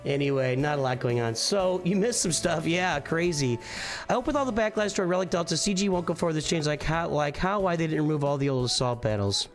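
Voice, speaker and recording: Chatty rambling male streamer, fairly high voice. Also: lively intonation, a little fast, faint music behind. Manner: rambling, restarts often, thinks aloud. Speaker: streamer and channel host. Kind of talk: casual live-stream chat.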